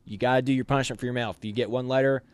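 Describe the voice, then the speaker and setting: Brief: young adult man, officer candidate, animated storyteller, dry close sound, middle pitch. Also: racing, clean tone, no echo. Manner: animated, acts out quoted voices. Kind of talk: casual storytelling.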